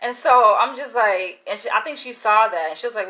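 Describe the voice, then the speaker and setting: A woman vlogger telling a casual story in an animated, exasperated way, peppered with slangy "yo". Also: on the high side, brisk, poor audio.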